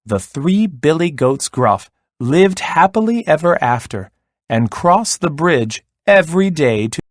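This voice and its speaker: Slow, expressive storybook narrator, a man. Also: a little high, no echo, clean studio sound. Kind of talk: children's storybook read-aloud.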